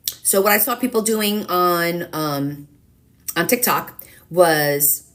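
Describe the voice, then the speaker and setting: A woman's voice: on the low side, animated, slow pace, fairly bright tone. A woman hosting a live watercolor stream, chatting casually and teasing herself as she thinks aloud while painting. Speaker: live-stream craft host.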